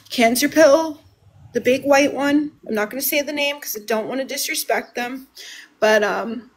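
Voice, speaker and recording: A woman speaking as a livestream guest, halting and emotional, restarting her sentences as she tells a family story. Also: sits high.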